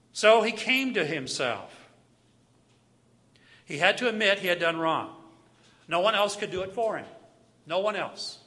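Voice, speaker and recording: A man preaching a sermon in an emphatic style, often repeating key phrases and moving between loud and quiet passages. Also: high voice, expressive, measured pace, pauses often.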